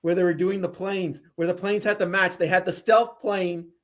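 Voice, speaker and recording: Bright, lively high-voiced man. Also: normal speed. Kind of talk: casual chat.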